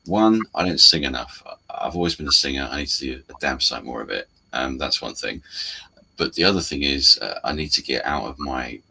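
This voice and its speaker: A man being interviewed as an actor, talking frankly and self-deprecatingly over a video call, meandering with pauses. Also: rumbling low, lively intonation, vocal fry, pushed and bright, husky, poor audio. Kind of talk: candid casual chat.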